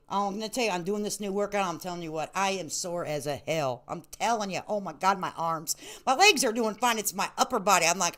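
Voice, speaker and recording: A woman's voice: medium pitch, lively intonation, brisk, fairly bright tone. A woman in her late thirties hosting a casual livestream, chatty and affectionate, laughing often and calling viewers honey and baby. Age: 30s. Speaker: livestream host.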